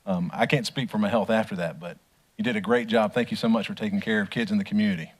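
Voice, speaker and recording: Council member, male, low husky voice, brief grateful remarks. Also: steady tone, fast talker.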